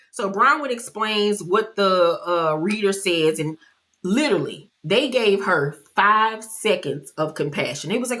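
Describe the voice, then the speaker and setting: A woman in the middle of her usual pitch range recaps a reality show in a casual, unscripted way. She is brash and profane, full of slang. Her voice swings high when she quotes people or feigns outrage, and she breaks into laughter often. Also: normal speed. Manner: animated, loud, with frequent laughter.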